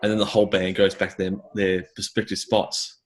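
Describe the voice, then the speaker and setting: A man with a low, husky voice tells gig stories in a relaxed chat. He acts out the other people in his stories and imitates drum sounds as he goes. His delivery is lively and conversational. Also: fairly quick. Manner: animated storyteller, mimics voices. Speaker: gigging drummer. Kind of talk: casual chat.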